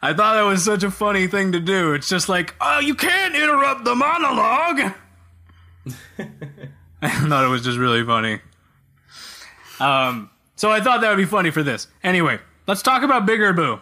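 A man co-hosting a casual gaming podcast, jokey and animated, often slipping into silly voices. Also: sits high, brisk. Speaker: podcast co-host.

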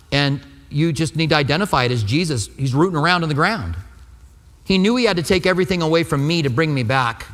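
A man's voice: fairly high pitch, a bit bright. A man preaching a sermon as pastor, telling a personal testimony in an earnest, conversational way. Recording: long hall reverb.

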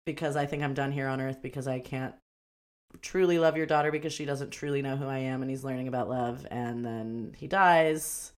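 A woman's voice: extremely low pitch, steady tone. A woman co-hosting a podcast, chatting casually about a movie, rambling and laughing as she acts out lines. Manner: chatty, rambling, quick to laugh and act out quotes. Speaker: podcast co-host. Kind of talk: casual movie review chat.

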